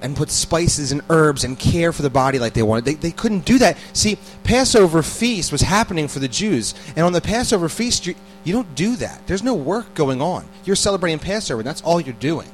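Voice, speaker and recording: A man's voice: a little high, sing-song, normal speed, soft background music, rough recording. A man and parent giving a casual, conversational sermon, often repeating words and putting questions to his listeners. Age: adult parent. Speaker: preacher.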